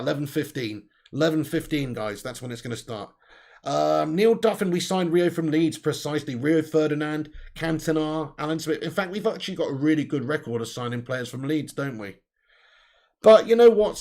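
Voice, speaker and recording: A man's voice: a little high, gravelly, a little mellow. A man hosting a casual livestream, reading out viewer comments and bantering, swearing and laughing often. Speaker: livestream host. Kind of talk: casual live-stream chat reading comments.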